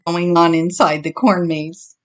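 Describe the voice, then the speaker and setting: A woman reading a children's storybook aloud as narrator, in an expressive, animated way. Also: on the low side, unhurried.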